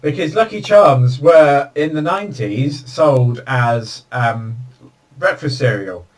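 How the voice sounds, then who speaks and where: A man's voice: mid-range voice, expressive, slow, a little hiss or hum. Jokey man on a distant video call. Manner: chatty storyteller, jokey. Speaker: host. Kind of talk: casual chat over video call.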